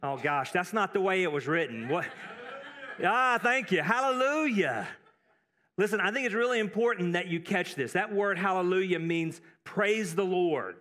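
A pastor from Texas giving a conversational sermon, breaking off into asides and repeating words for emphasis. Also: male voice, sits high, moderate pace, hardly any pauses, a bit bright. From Texas, United States.

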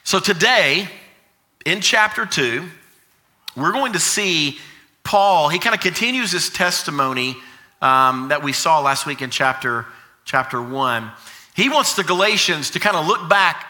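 A pastor preaches to his church, telling the story with energy and often restarting his phrases. His voice is a man's voice and very bright, and it sits somewhat high. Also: lively intonation, a little slow. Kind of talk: sermon.

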